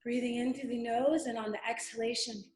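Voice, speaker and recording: Brief: high-pitched woman instructor, calm guided vocal exercise, echoey room. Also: a little fast. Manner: calm step-by-step guidance with sustained sung vowels. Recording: roomy echo.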